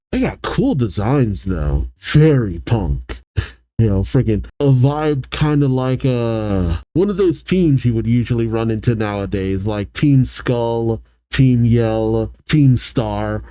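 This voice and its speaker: A man's voice: mid-range voice, warm tone, no echo. A man reading a comic aloud and reacting casually, amused, with slangy asides. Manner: casual, amused, says "friggin'". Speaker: reaction video host.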